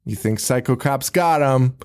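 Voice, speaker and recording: A man's voice: medium pitch, unhurried, clear, resonant tone. A man hosting a podcast, casually retelling a film with frequent laughter and swearing. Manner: laughing often, swearing, acting out lines. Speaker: podcast host. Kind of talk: casual movie recap.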